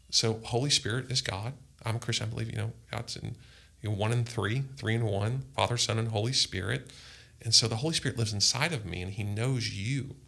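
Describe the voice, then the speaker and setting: A man's voice: on the low side, vocal fry, sharp tone. A man, a pastor, telling earnest personal testimony in a podcast conversation. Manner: earnest, impassioned storytelling.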